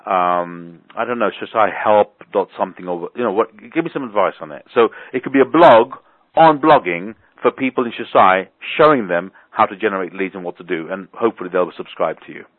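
A man's voice: lowish voice, a little fast, dry recording. Man hosting over a tinny phone line. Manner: rambling, emphatic, repeats words for stress. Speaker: host of a business conference call. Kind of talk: casual call talk.

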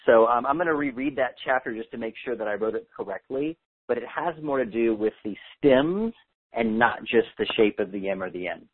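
A man's voice: mid-range voice, animated, fairly quick, breathy edge. A man hosting a handwriting analysis seminar with callers, explaining in a chatty way with joking asides. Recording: tinny phone-line audio.

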